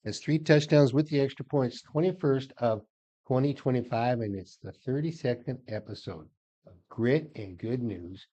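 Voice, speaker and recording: A man's voice: mid-range voice, normal speed, mellow, highs cut off. An older man, co-hosting a local talk show in a folksy, storytelling manner. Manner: folksy, storytelling, repeats words. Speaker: co-host.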